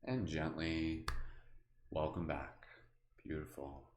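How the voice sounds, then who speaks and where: A man gently leading a guided meditation, then chatting casually with his live stream viewers. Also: low voice, reverberant, slight background noise. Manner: slow, soft guiding voice, relaxed filler-heavy chat afterward.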